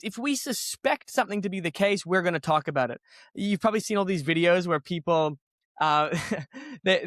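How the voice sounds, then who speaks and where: A man with a high voice for his sex, musing over ideas in an easy podcast chat. He circles back and restarts as he thinks aloud, and the close mic leaves no room sound. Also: fairly bright tone, no echo. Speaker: podcast guest. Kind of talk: casual conversation.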